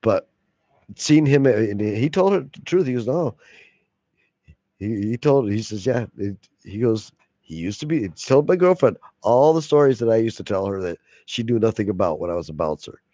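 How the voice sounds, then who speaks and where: A man's voice: on the low side, lively intonation, moderate pace, dark tone, no echo, highs cut off. A man telling a long profane story in a casual way, laughing often and acting out the other voices. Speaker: video blogger.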